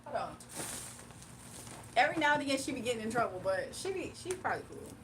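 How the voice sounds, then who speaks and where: Young woman w/ an aave chatting on her live, high voice, laughs a lot, bit of faint noise behind. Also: fast talker. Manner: laughs often, animated storytelling, talks to chat. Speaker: livestream host. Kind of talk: casual livestream chat, reading comments.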